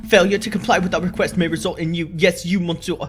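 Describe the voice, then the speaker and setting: A man voicing a sharp, stern male falcon defense lawyer, firm and measured. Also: high-pitched, steady tone, music in the background, close to an everyday voice.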